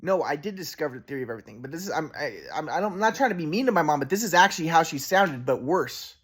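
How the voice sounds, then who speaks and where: A young man in his twenties rambles through a personal monologue, circling back and restarting his sentences. His pitch rises and falls in a lively, animated way. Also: rapid-fire, breathy edge. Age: 20s. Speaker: vlogger.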